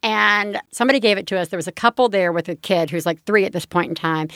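A woman's voice: mid-range voice, fairly quick, few pauses, a bit bright, dry recording, clean studio sound. A woman in her thirties co-hosting a podcast, chatting casually, laughing often and breaking off her own sentences. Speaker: podcast co-host. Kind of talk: casual chat.

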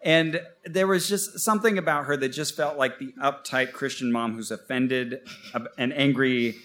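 A man on stage at a live podcast, spinning a story with dry humor. He slips into mock voices for the people he describes. His pitch sits right in the middle. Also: moderate pace. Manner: wry, animated storytelling with mock quotes. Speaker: podcast co-host. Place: stage before a live audience.

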